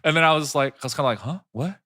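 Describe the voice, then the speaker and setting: A man's voice: a little high, rapid-fire. A man whose first language is Korean, chatting casually and telling funny stories, acting out other people's voices and saying "dude" a lot. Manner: animated storyteller who acts out voices and says "dude" a lot. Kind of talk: casual chat, storytelling.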